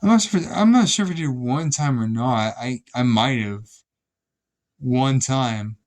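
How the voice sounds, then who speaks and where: A man's voice: mid-range voice, a little slow, a little mellow. A young man casually telling rambling, profane stories about his old job, with many restarts. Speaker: vlogger. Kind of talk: casual storytelling.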